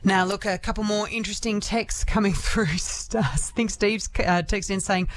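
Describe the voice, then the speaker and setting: A woman's voice: mid-range voice, fairly even intonation, normal speed. Chatty Australian woman radio host. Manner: chatty and self-deprecating, laughs easily. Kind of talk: casual radio chat.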